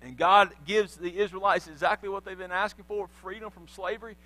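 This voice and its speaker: A man preaches in church, retelling the story with energy and slipping into the voices of its people. His voice sits high and rings bright. A faint electrical hum runs under the recording. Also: no echo, poor audio. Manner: animated storytelling, acting out voices of biblical figures. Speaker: pastor. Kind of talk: sermon. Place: church sanctuary.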